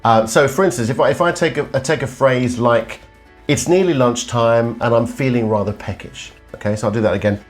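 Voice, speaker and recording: A man's voice: medium pitch, a little fast. Man coaching voice, faint music behind. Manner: demonstrative, hums and sings examples. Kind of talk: vocal exercise lesson.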